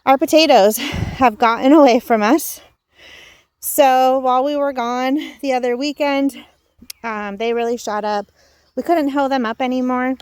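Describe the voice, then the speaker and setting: High, chatty woman touring her garden. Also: unhurried, darkish tone, clear, resonant tone, dry recording. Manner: chatty and rambling, with many fillers and self-corrections. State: a little out of breath. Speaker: home gardener and channel host. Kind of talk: casual walk-through garden tour. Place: outdoor backyard garden.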